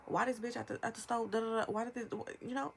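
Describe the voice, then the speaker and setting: A woman's voice: on the high side, vocal fry, slight background noise. Emphatic young woman ranting on camera. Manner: emphatic, rapid-fire, animated with imitated quotes. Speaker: vlogger. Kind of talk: ranting commentary.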